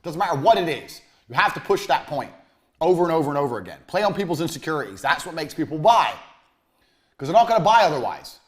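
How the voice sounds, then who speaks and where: A man with a somewhat raised pitch delivers a business lecture to students in a university room. His talk is blunt and crude. It lurches from loud, forceful emphasis to quiet, throwaway asides. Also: big pitch swings, fast. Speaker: business speaker.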